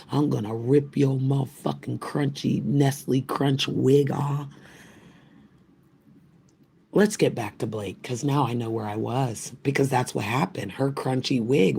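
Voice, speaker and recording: Casting: older woman streamer, raspy, gravelly, swears a lot and rambles. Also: extremely low pitch, a little slow, dark tone. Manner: profane, trash-talking, loose and rambling. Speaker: livestream host. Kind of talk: ranting live stream chat.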